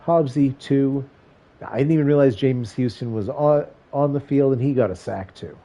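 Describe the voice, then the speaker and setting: A man's voice: medium pitch, normal speed, dark tone, highs cut off. A man streaming a football video game, giving casual play-by-play with wry, joking asides between stat rundowns.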